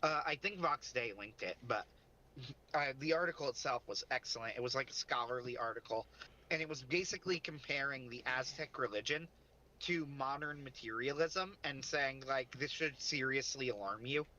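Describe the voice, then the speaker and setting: A man's voice: mid-range voice, moderate pace, bright, forceful tone, dull audio, slight background noise. A man co-hosting a casual livestream chat, rambling and interrupting himself, often breaking into laughs. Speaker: podcast co-host.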